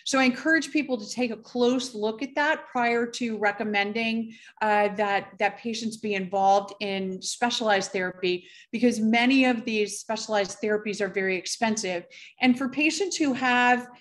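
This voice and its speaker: Woman presenting, measured and careful. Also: fairly high pitch. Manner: measured, careful, with frequent fillers. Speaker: physician presenter. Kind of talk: conference presentation.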